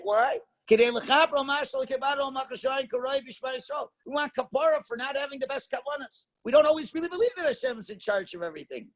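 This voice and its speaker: A rabbi with a strikingly high voice leads a Torah class. He speaks emphatically, tosses out rhetorical questions and moves between loud stresses and quiet asides. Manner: emphatic, rhetorical questions, mixes Hebrew and Yiddish terms. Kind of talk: Torah class lecture to a congregation.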